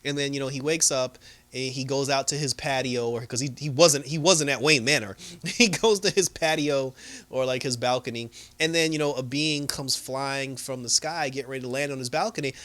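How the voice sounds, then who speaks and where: Man reviewer, casual and excitable, bright forceful voice, rambling retelling full of fillers. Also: medium pitch, moderate pace. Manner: animated retelling with frequent laughter; loose, full of "you know" and "like". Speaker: movie reviewer. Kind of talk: casual spoiler review chat.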